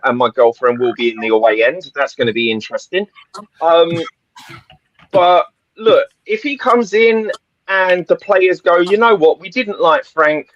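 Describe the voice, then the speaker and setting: A man's voice: on the high side, no echo, lo-fi sound. A man giving blunt opinions in a casual football podcast chat, laughing often. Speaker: podcast panelist.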